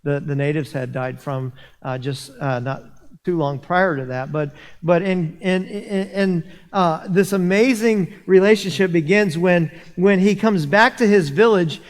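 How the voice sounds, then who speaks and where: In a church sanctuary with long hall reverb, a high-voiced man preaches a sermon as a pastor at a measured pace. He tells a story, restarting often and repeating words.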